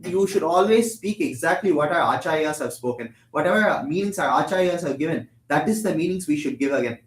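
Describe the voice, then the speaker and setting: A young man gives a temple discourse at a quick clip, his voice sitting a bit high. He poses questions and answers them himself, now and then rattling off chanted verses, in an echoey room. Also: lively intonation. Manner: explanatory, asks and answers his own questions. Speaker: temple lecturer. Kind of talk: religious discourse.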